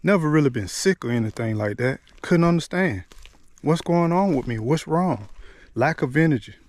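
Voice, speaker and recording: Speaking to the camera at a moderate pace, a middle-aged man shares a personal story as a motivational vlogger, his a-little-high voice lively in intonation and slightly mellow on a dry recording. Loose and conversational, he keeps tossing in "man" and "you know what I'm saying," restarting and repeating words as memories return.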